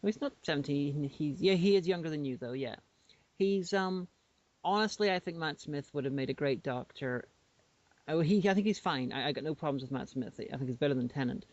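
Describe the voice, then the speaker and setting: Speaking a little fast in a slightly high voice, a male co-host rambles through casual explanations, often restarting. The recording is dry, with dull lo-fi podcast sound.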